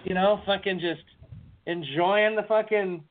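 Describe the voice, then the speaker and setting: A man's voice: sits high, steady tone, measured pace, phone-quality sound. A man hosting a podcast, joking in a sarcastic, crude way. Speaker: podcast host. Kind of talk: casual podcast banter.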